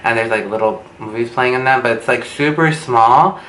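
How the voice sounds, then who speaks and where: A young man telling a storytime vlog, animated and swearing, acting out what people said with big jumps in pitch. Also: normal speed. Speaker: vlogger. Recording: echoey room with faint background noise.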